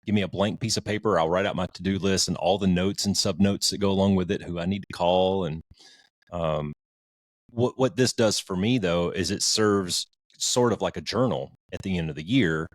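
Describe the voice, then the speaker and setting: In a dry recording, a man with a low-pitched voice speaks at normal speed while co-hosting a podcast. He chats informally about book recommendations, rambling, frequently restarting, and cursing a little.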